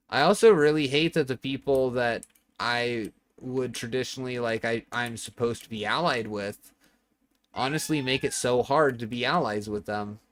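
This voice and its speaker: A young man streams from home into a desk microphone, his voice sitting at an everyday middle pitch. He rambles bluntly, swears often and talks straight to his chat. He chats casually while he builds. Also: a bit bright. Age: young adult.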